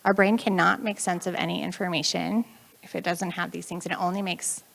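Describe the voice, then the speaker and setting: A woman with an American accent giving a chatty, animated conference talk, often acting out the voices of the people in her stories. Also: lowish voice, a little fast, vocal fry. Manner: chatty, animated, acts out quoted voices, frequent laughs. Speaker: conference speaker.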